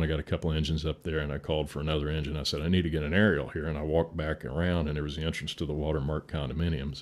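A man, a fire chief from the Midwest, telling a war story in a folksy way, swearing and chuckling now and then. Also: extremely low pitch. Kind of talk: casual storytelling.

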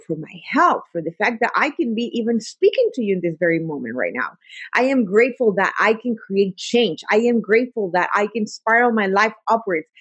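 Husky-voiced woman life coach, emphatic. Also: fairly high pitch, no room sound, dull audio. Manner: emphatic, repeats lines of affirmation. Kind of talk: motivational talk.

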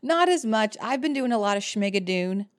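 A woman in her thirties, a cabaret performer, telling lively stories in casual chat and laughing often. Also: fairly high pitch, normal speed. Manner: animated storyteller, laughs often.

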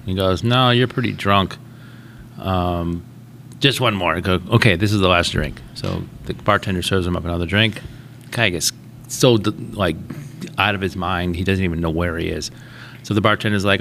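A man with a very low, gravelly voice in loose casual chat, wandering through his thoughts and telling jokes in a meandering way. A faint ambience hums behind him. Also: fairly even intonation, moderate pace, fairly bright tone, slight background noise. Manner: rambling, musing, tells jokes with voiced characters.

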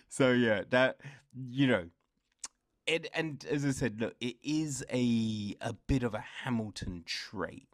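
A young man speaking slowly and unhurriedly, chatting his way through a book review. His talk rambles and is full of laughs and acted-out quotes. The recording is dry and close, with no room sound. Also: medium pitch, no room sound. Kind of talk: casual chat.

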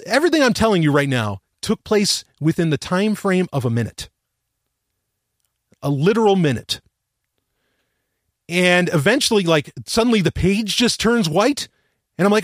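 A man's voice: high-pitched, very animated, normal speed, long pauses, dry recording, clean studio sound. A man hosting a podcast, telling a rambling story with lots of restarts and the odd swear word. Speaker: podcast host. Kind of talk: casual storytelling monologue.

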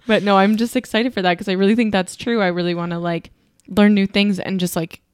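A woman's voice: mid-range voice, fairly even intonation, fairly quick, clear, resonant tone, no room sound. Chatty young woman, dry close sound. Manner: chatty, laughs often, swears casually. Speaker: podcast co-host. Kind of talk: casual chat.

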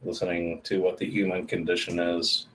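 A man's voice: deep voice, monotone, moderate pace, a bit bright, a little hiss or hum, rough recording. A man on a casual podcast, chiming in with short, teasing remarks. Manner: joking, teasing interjections. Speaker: podcast co-host.

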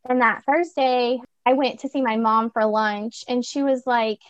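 A woman's voice: on the high side, fairly even intonation, a little slow, no echo. A young woman telling a personal story as a podcast guest, chatty, with many fillers and restarts. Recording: dull lo-fi dry recording.

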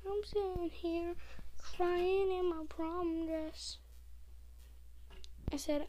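A woman's voice: very high-pitched, steady tone, warm tone, muffled recording. A young woman vlogging casually, reading her text messages aloud and sometimes dropping to a whisper. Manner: reads texts aloud slowly, giggly, drops to whispers. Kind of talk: casual narration while texting.

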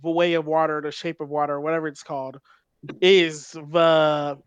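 Higher-voiced man explaining at length. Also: level tone, normal speed, clear, resonant tone, dry recording. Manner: thoughtful, restarts often while explaining. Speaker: podcast co-host. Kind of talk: casual film discussion.

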